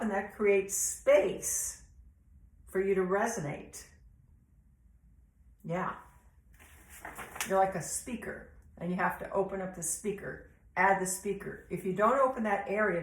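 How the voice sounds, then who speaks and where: A woman with an American accent leading a vocal warm-up lesson, explaining patiently and breaking into sung vowel demonstrations. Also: medium pitch, echoey room, rough recording. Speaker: vocal coach.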